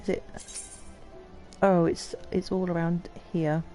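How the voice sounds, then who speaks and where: A woman's voice: fairly low pitch, little pitch movement, slow, warm tone, faint music behind. A woman from the UK streaming a game, chatting casually, hesitant and self-deprecating as she talks to herself. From United Kingdom. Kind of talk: casual live game commentary.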